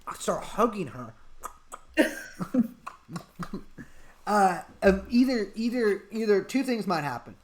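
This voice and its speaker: A man's voice: sits high, very animated, takes it slowly, long pauses. Man rambling through a mock-serious bit. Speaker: podcast co-host. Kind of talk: comedic live-stream chat.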